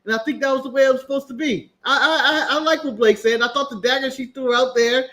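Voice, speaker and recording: American male co-host, bright tense voice, giggly, stammers on restarts. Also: very high-pitched, fairly even intonation, fast talker. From United States. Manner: laughs often, restarts with stammered repeats. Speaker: podcast co-host. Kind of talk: casual wrestling chat.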